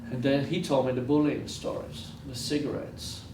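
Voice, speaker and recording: A man's voice: medium pitch, level tone, moderate pace, few pauses, reverberant, background noise. A man from Israel giving a lecture, telling stories earnestly and repeating phrases for weight, recorded from far off in a university lecture room. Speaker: guest lecturer. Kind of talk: storytelling lecture.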